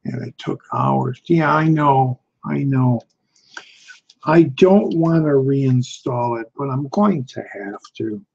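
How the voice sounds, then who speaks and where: A husky-voiced man hosting a live stream, talking in a slow, drawn-out way. He rambles and swears in frustration. The audio is dull and lo-fi, picked up by a computer webcam mic. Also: medium pitch, darkish tone. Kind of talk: casual live-stream chat.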